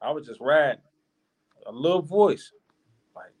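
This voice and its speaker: High-voiced man telling a story. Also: measured pace, husky. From Chicago. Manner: animated, slangy, repeats words while telling a story. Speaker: podcast guest. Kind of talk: casual storytelling.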